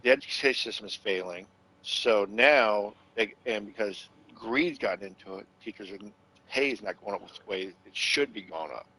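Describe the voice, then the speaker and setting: A man's voice: lowish voice, lively intonation, moderate pace, bright, forceful tone, husky, low-quality recording. A middle-aged man speaking bluntly in a casual chat with a friend.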